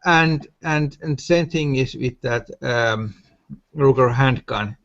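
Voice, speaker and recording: Slow, hesitant man in voice chat. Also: mid-range voice, creaky, fairly bright tone. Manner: halting, hesitant, searching for words. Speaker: gun owner in an online voice chat. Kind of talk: casual voice chat. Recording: muffled voice-chat audio.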